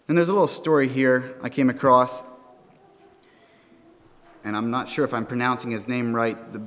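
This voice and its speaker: A man preaching a sermon in a church, earnest and halting, with frequent restarts. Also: medium pitch. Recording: long hall reverb.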